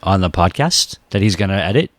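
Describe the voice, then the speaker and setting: Male co-host, dry teasing humor, lively pitch. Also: fairly quick, a little hiss or hum. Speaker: podcast co-host. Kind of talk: casual chat.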